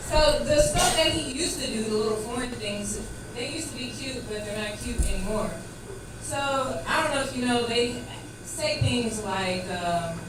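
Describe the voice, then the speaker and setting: A woman doing a stand-up comedy set at an open mic, brash and joking, often laughing at her own lines. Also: a little high. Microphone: stage microphone, heard from far in the room. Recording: echoey club from far off, loud room noise.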